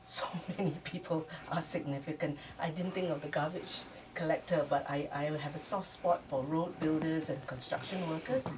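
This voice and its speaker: A woman's voice: low-pitched, moderate pace, few pauses. An older woman from Malaysia sharing her reflections thoughtfully in a group discussion. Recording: distant mic, clear room noise.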